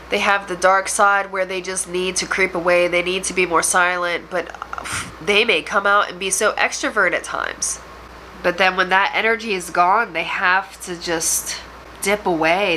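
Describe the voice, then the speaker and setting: A woman delivers an intuitive tarot reading straight to her viewers. Her tone is bright and clear, her delivery soft and searching, broken by small laughs and self-corrections. She sounds like she is feeling her way through each message. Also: lowish voice, slight background noise, low-quality recording. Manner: gentle, soft-spoken with frequent small laughs and restarts. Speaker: tarot reader and medium.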